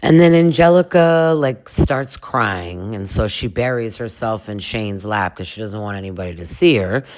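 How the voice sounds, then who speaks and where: A woman's voice: a bass voice, expressive, normal speed, few pauses, a little mellow. A woman hosting a comedic reaction video, narrating reality TV in a crude, sarcastic, chatty way.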